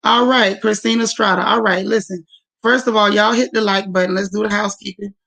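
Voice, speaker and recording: A woman's voice: mid-range voice, steady tone, fairly quick, gravelly. A woman hosting a casual livestream, greeting viewers by name and calling them sis and y'all. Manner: warm, chatty, calls viewers sis and y'all. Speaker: livestream host.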